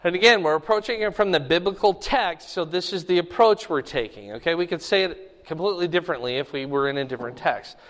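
High-voiced man preaching in a reverberant hall. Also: fast talker, hardly any pauses, a bit bright. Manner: conversational, checks in with the congregation often. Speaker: pastor. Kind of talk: sermon teaching.

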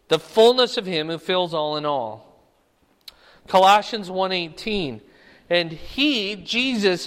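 A man's voice: sits high, animated, measured pace, a bit bright. A man teaching a Bible study, stressing key words and often checking in with his listeners. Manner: emphatic, repeats key words and checks in with "okay?". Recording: long hall reverb.

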